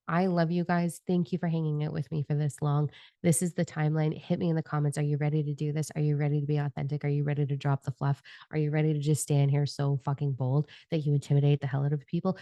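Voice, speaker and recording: A woman's voice: low voice, warm tone, dry recording, studio quality. A woman giving a spiritual energy forecast with tarot cards in a passionate, rambling and profane monologue. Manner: fervent, profane and rambling, admits getting carried away.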